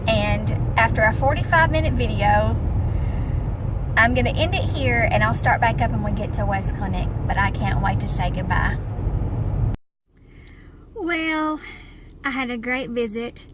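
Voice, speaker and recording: A vlogger with a Southern US accent talks to camera from inside her car, candid and plainspoken, in a highish voice that runs a little slow with long pauses. Road noise from the car comes through clearly.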